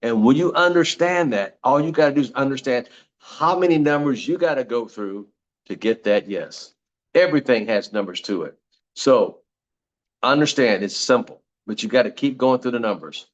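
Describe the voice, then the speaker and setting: A man's voice: mid-range voice, lively intonation, moderate pace, lo-fi sound. An older man giving a motivational talk on network marketing, repeating slogans in an emphatic, preachy way.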